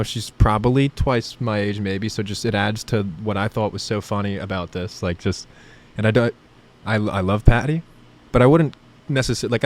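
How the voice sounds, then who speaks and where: A young man, a comedian from New Jersey, rambling through stories with laughs in a casual podcast chat. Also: mid-range voice. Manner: rambling storytelling, self-deprecating, laughs often. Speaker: comedian guest.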